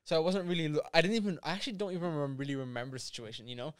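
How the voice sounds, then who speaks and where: A man's voice: fairly high pitch, lively intonation, racing, crowd noise. A young man guest chatting casually on a podcast, rambling with lots of fillers. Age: young adult. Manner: laid-back, rambling with fillers. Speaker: guest, social media creator. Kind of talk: casual chat.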